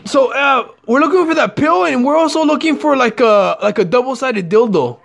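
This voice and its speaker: A man's voice: extremely high pitch, lively intonation, moderate pace, vocal fry, a bit bright, pitched above the performer's own voice, full character voice. A man voicing a slangy, street-talking boyfriend character during a comedy prank call, drawling through fillers. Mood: hesitant. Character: tough street-talking adult male boyfriend on the phone. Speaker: prank caller.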